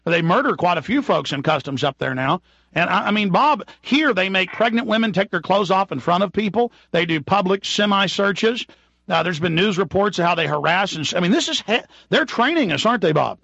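Radio host, male, forceful and indignant monologue, muffled dry studio recording. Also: sits high, expressive, fairly quick, vocal fry, husky, dry recording. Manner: emphatic, indignant ranting.

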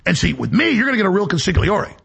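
A man hosting a talk show, delivering a rambling, emphatic monologue in a gravelly, raspy voice. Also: high voice, very animated, fast talker, a bit bright. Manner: emphatic, boastful, jumps between topics.

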